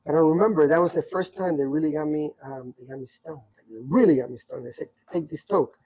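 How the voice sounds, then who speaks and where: A man in his sixties telling rambling, animated stories from his youth in a casual podcast chat. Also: a little high, quick pace, breathy edge, low-quality recording. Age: 60s. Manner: rambling, animated anecdotes with many asides. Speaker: podcast guest storyteller. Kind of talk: casual storytelling.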